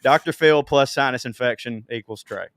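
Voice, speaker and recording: A man from Georgia co-hosting a casual comedy podcast, joking and telling stories with quick asides. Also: medium pitch, a bit bright, no echo, studio quality. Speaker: co-host.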